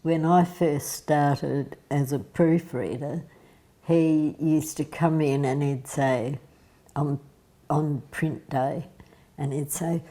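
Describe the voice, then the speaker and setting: Slow, low-voiced woman. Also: steady tone, dark tone. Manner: unhurried storytelling with hesitations. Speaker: interviewee. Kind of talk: anecdotal interview.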